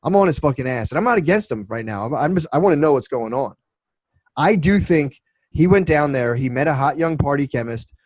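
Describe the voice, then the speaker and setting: A man's voice: a little high, expressive, a little fast, no room sound, poor audio. A man in his twenties co-hosting a casual podcast, telling loose, profane stories full of restarts. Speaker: podcast co-host.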